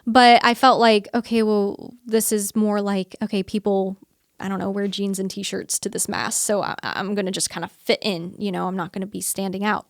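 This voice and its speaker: A woman's voice: medium pitch, steady tone, moderate pace, vocal fry, dry recording, studio quality. A young woman as an interview guest, telling a personal story in an earnest, chatty way, often quoting her own thoughts and laughing.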